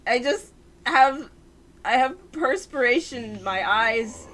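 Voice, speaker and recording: A woman streaming a game, reacting emotionally with loud outbursts, laughter and swearing, talking to the game. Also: high voice, slow, a little hiss or hum. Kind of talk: live gameplay reactions.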